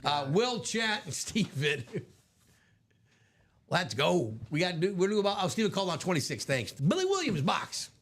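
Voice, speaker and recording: A man's voice: sits high, sing-song, unhurried, fairly bright tone, slight background noise. A middle-aged man hosting a live card-break stream, chatting casually and upbeat and laughing often.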